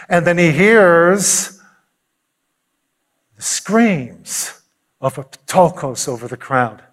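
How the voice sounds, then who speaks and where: A man's voice: on the high side, slow pace. A male pastor delivering a sermon, telling a story with animation and acting out the quotes.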